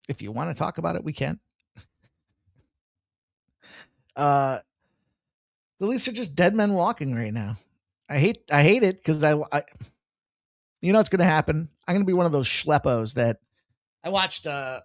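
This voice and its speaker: A man hosting a live sports betting stream, brash, excitable and profane as he rattles off picks and jokes. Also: a little high, gravelly, no echo, studio quality. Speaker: sports betting show host. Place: room with a hockey banner on the wall.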